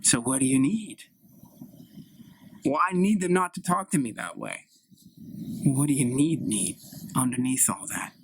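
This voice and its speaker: Man playing a gentle mom, soothing, asks questions, slow and calm. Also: mid-range voice, gravelly, a little hiss or hum. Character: gentle middle-aged mother, soothing and probing. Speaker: improv performer. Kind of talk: solo improv scene.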